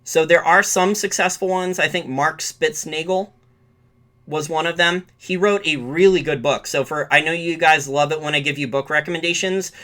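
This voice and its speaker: A man's voice: on the high side, normal speed, bright, forceful tone. A man hosting a live-streamed finance show, giving loose market commentary that often restarts mid-sentence and corrects itself. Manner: rambling, restarts and corrects himself.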